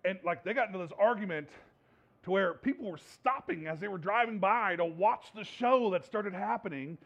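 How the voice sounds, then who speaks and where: A man's voice: high-pitched, normal speed. A man preaching a sermon as a pastor, in a conversational, humorous way, laughing often. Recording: dull lo-fi recording.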